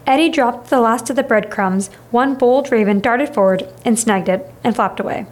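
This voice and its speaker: A woman reading a children's novel aloud in a steady, expressive way. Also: fairly high pitch, moderate pace. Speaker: reader. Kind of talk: storybook read-aloud.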